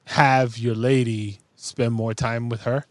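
A man co-hosting a podcast in casual chat, blunt and quick with questions, swearing freely. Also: mid-range voice, level tone, no room sound. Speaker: podcast co-host.

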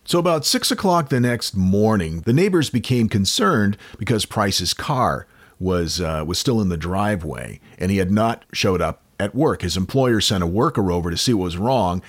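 A low-voiced American man tells a grim story in a loose, conversational podcast manner. His pitch rises and falls a lot as he talks, and he drops in dry asides. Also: expressive, normal speed. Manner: wry, offhand, with dry jokes. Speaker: podcast host telling a true crime story. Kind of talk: casual storytelling chat.

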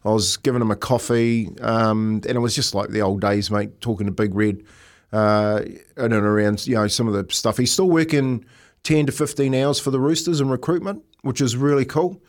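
A man's voice: mid-range voice, normal speed. A middle-aged man from New Zealand, a podcast co-host telling stories in casual chat, rambling with many restarts.

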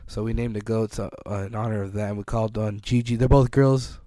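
A man's voice: lowish voice, fairly even intonation, a little fast, warm tone, dry recording. Rambling man, dry close sound. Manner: rambling, with many likes and restarts. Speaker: podcast co-host. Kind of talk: casual chat. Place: home, playing poker while recording.

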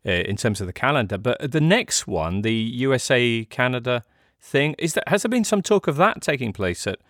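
Lively man hosting a football podcast. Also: medium pitch, moderate pace, no echo, clean studio sound. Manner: lively, quizzes his co-hosts. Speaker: podcast host. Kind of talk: casual football chat.

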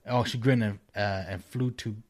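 A man with a lowish voice reads a creepy first-person story in a relaxed, unhurried way. Between passages he drops casual, profane remarks to his co-host. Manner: laid-back, swears casually, animated laughs. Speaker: co-host reading ghost stories. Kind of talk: casual chat and story reading.

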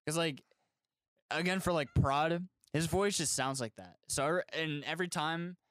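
A man's voice: a little high, moderate pace, a bit bright, dry recording, studio quality. Laid-back young man telling stories. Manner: laid-back storyteller, wry, casual swearing. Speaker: podcast co-host. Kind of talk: casual gaming podcast chat.

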